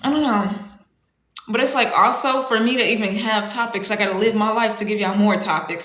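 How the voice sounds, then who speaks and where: On a casual livestream, a young woman rambles, swears, uses plenty of slang and laughs often. Her voice is medium in pitch, a little bright, and moves at a normal speed in an echoey room.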